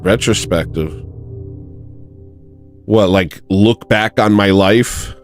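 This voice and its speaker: A man's voice: lowish voice, slow pace, soft background music. A man hosting a comedic livestream, talking in a rambling, joking, self-mocking monologue. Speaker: livestream host.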